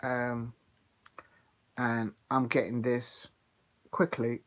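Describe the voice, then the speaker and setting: A man hosting a football watch-along stream, chatting in a rambling, animated way with plenty of ums. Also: medium pitch, extremely slow. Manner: chatty, digressive, animated storytelling with filler ums. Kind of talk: casual rambling chat.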